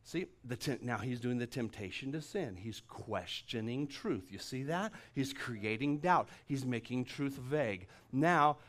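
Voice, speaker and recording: A middle-aged man preaching a sermon as a pastor, emphatic and repeating phrases as his excitement builds. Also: medium pitch, measured pace, hardly any pauses.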